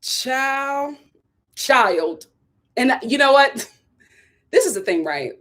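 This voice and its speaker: A woman's voice: sits high, expressive, drawn-out words, fairly bright tone. A woman hosting her own vlog, chatting casually and emphatically as she tells a story and acts out the voices of other people. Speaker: vlog host and actress. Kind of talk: casual opinion chat.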